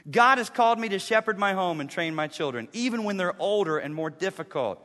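Bright-voiced male pastor preaching in a hall. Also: sits high, expressive, brisk. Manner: conversational preaching, acts out his own inner voice. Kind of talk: sermon. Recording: long hall reverb.

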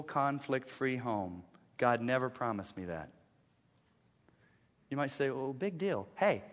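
A middle-aged male pastor preaches in a conversational way, often voicing his own inner thoughts. His voice sits high and bright. The sound carries a long reverb from a large church hall. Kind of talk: sermon.

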